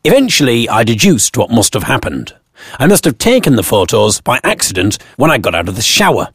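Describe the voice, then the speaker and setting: A man's voice: medium pitch, wildly swooping pitch, a little fast, fairly bright tone, breathy edge, no room sound. Wry British man telling a comic story. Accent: British English. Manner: wry, dry, self-mocking asides. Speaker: blogger narrating his own story. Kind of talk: comic first-person storytelling.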